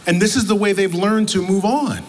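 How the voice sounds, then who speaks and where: A man's voice: high voice, moderate pace, a little hiss or hum. A man preaching a sermon in a church, emphatic and repeating his words, calling out to the congregation. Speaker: pastor. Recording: long hall reverb, faint ambience.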